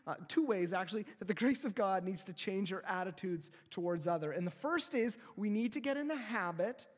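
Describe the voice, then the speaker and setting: A man preaching a sermon as pastor, earnest, swelling louder and slowing down on his key phrases. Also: high voice, long reverb tail.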